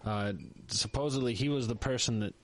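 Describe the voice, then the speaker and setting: A man's voice: medium pitch, brisk. A man co-hosting a podcast, chatting casually with jokes and self-mocking asides. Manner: joking, rambling, self-mocking. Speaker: podcast co-host.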